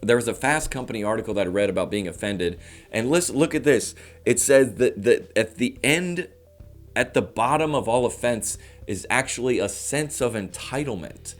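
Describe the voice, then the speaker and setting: Brief: male comic in his thirties, fast animated monologue to camera, faint music underneath. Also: medium pitch. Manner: rapid, animated rants with mock voices. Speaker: comedian host.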